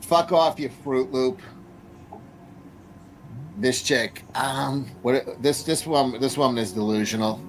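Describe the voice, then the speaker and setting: A man's voice: mid-range voice, fairly even intonation, slow pace, pauses often, poor audio. A man in the middle of his voice range rants over videos, cursing freely and heaping scorn on the people he watches. His tone is combative and sneering, with faint noise behind him. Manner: profane, mocking, combative. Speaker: streamer reacting to videos. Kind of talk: live reaction commentary.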